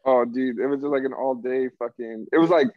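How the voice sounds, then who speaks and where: A man in casual chat, relaxed, mostly giving short agreeing replies and laughing. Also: medium pitch, a little fast, no echo, narrow, tinny audio.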